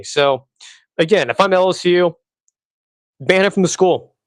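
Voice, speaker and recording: Male podcast host, heated profane rant, higher voice, dry close sound. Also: normal speed, dry recording. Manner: angry, profane, repeats himself.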